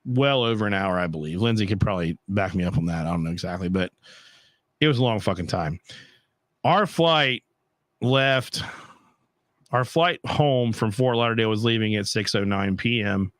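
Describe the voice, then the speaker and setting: A young man, the host, telling a travel story in an animated, profane rant. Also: fairly low pitch, normal speed, no echo. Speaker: podcast host. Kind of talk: casual storytelling.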